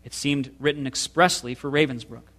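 A man reading a memoir passage aloud to listeners in a slow, deliberate, expressive way. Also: medium pitch. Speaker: reader.

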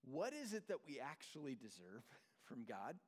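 A man preaching a sermon as pastor, earnest, repeating phrases and dropping to soft, low tones for emphasis. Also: huge pitch swings, moderate pace. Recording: long reverb of a large hall.

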